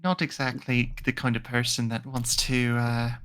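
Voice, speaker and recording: A woman chatting at a tabletop game in a wry, offhand way. Her voice sits unusually deep for a woman. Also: flat delivery, normal speed, fairly bright tone, clear, resonant tone. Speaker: player. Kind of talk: casual game chat.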